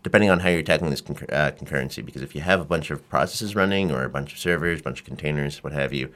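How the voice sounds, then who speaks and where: Male co-host, very deep voice, halting, slight cold. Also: a bit bright. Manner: halting, many fillers. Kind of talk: casual tech talk show chat.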